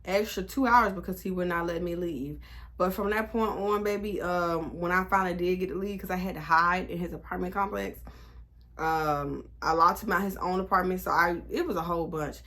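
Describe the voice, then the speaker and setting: A woman in her twenties telling a storytime vlog in a blunt, animated, profane way. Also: fairly low pitch, brisk. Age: 20s. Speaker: vlogger.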